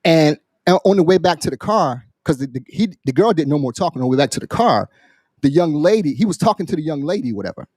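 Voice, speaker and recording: Guy on a podcast rattling off a wild story, swearing a lot, pitch jumping all over, dry close sound. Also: fast talker, dry recording. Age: adult, military veteran. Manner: animated, profane, acts out quoted voices. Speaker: podcast co-host. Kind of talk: casual storytelling chat.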